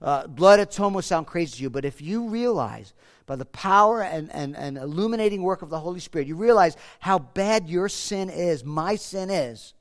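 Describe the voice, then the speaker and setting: A man preaching a sermon as pastor, moving from hushed, slow lines to loud, fervent ones. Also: high-pitched, animated. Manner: passionate preaching, swings from quiet to loud.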